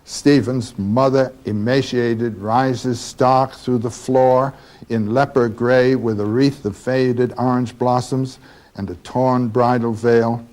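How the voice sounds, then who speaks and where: A man lecturing on a novel, talking slowly and haltingly with many fillers. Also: mid-range voice, fairly even intonation, darkish tone. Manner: slow and halting with frequent fillers. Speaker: literature lecturer.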